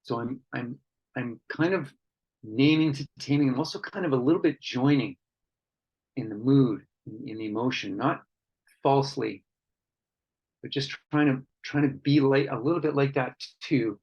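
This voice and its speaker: A man leads an online workshop at an ordinary middle pitch, reading out what participants have written and reflecting on it. His delivery is earnest and conversational, with frequent restarts. The sound is dull and lo-fi, like a video call. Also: moderate pace, husky. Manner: reads out participants' comments and reflects on them. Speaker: workshop facilitator.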